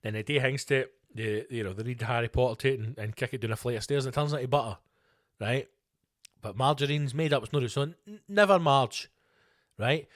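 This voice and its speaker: A man's voice: medium pitch, steady tone, fast, dry recording, studio quality. A man with a Scottish accent, hosting a solo podcast, ranting with lots of swearing and comic put-on voices. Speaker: podcast host.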